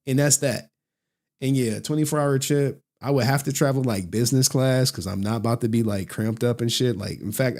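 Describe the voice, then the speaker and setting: A man's voice: mid-range voice, darkish tone. Laid-back, profane streamer guy. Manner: loose, profane, laughs often, slangy. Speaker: streamer and channel host. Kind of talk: casual livestream chat.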